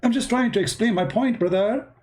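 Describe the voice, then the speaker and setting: Male host, casual sarcastic commentary, halting non-native English, warm mellow voice. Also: very high voice. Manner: sarcastic, mocking, talks directly to viewers.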